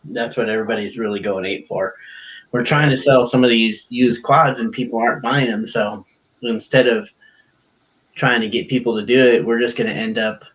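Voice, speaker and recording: A man's voice: mid-range voice, fairly even intonation, normal speed, a bit bright. A man joining a livestream by call, chatting in a laid-back, blunt joking way. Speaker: guest on a video call. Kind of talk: casual chat. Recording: dull lo-fi call audio.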